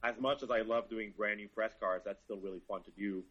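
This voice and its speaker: A man's voice: lowish voice, fairly even intonation, a little fast, slightly rough, highs cut off. A man who writes about cars, chatting casually and swearing eagerly in a podcast conversation. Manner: enthusiastic, swears freely. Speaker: car journalist guest.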